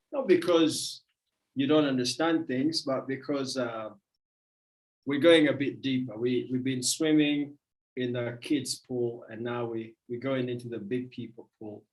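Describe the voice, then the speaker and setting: A man hosting an online program, addressing viewers in a casual, chatty way and often trailing off softly. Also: mid-range voice, fairly even intonation, unhurried, poor audio.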